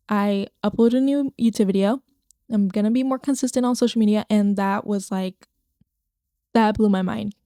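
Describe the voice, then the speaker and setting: Rambling and chatty, a young woman hosts a casual solo podcast from home, swearing casually as she records to her computer screen through a podcast microphone. Her fairly high voice has a mellow tone, and the sound is dry and close.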